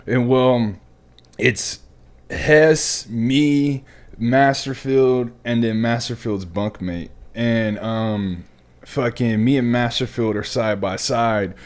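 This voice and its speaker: A man's voice: medium pitch, takes it slowly. A man in his middle register tells old service stories in loose, casual chat. He swears freely and breaks into laughter often, then drops to a near-whisper for asides. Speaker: podcast host and military veteran.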